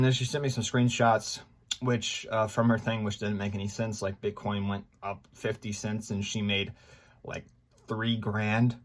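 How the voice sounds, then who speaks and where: A man in his twenties talking to his viewers in a casual, rambling vlog, excitable and full of fillers. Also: on the low side, unhurried. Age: 20s. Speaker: gaming YouTuber.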